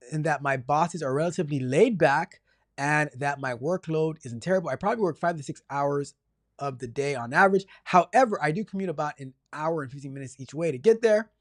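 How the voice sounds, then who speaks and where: A man's voice: on the high side, a little fast, no room sound, clean studio sound. A man hosting a live tech career advice show, reading out viewer questions and answering with jokey, exasperated outbursts and lots of repetition. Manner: animated and exasperated, repeating himself for emphasis; jokey, swings between mock outrage and apology.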